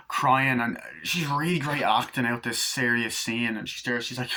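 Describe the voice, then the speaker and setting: Man reviewer, bright forceful voice, rambling casual recap that leaps into shrill acted-out character lines. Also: fairly even intonation, brisk. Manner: rambling, acts out scenes in jumpy high voices, lots of swearing. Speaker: movie reviewer.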